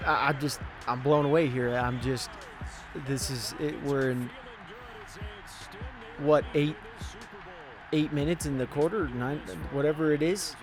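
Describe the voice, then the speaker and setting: A young man commentating a football video game in a hyped, rambling way, yelling at big plays. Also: on the high side, fairly even intonation, unhurried, long pauses, a crowd in the background. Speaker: gaming channel host.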